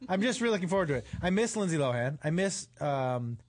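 A man casually telling stories, animated, swearing freely and laughing often. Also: on the high side, quick pace. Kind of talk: casual chat.

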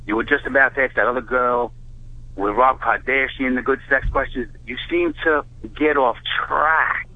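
A man's voice: mid-range voice, steady tone, moderate pace. A male caller phoning in to a radio show, eager and pushy about his question. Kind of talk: casual call-in talk. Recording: tinny phone line.

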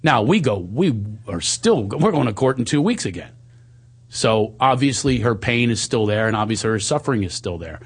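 A man candidly telling a personal story in conversation, animated, sometimes quoting himself in higher voices and dropping low and soft at tender moments. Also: normal speed, husky.

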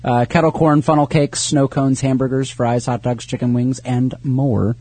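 A man's voice: medium pitch, little pitch movement, normal speed, darkish tone, slightly rough, no room sound. A man hosting a radio show from the studio, bantering and joking in a loose, rambling way. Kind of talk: casual on-air banter.

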